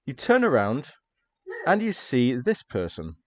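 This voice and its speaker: A man runs a tabletop horror game, narrating in a relaxed, chatty way. The sound is a little dull and lo-fi. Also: mid-range voice, measured pace. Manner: relaxed, chatty narration with frequent ums and laughs. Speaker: game master.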